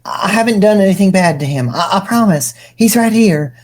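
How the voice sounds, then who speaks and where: A woman's voice: medium pitch, expressive, moderate pace, darkish tone, voice pushed up, natural voice. A woman voicing a possessed male troll prophet who swings from desperate muttering to giddy, gushing chatter.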